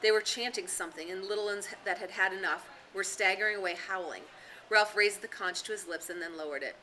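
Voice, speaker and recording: Female narrator reading a novel; expressive, bright voice, slight background hiss. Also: on the low side, brisk. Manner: steady, expressive storytelling. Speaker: reader and tutor.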